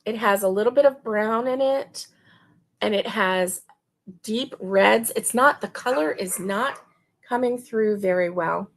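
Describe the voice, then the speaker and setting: Slow gushing woman with a gravelly voice. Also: mid-range voice. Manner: gushing, slow and chatty, laughs often. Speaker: host. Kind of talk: casual chat showing yarn.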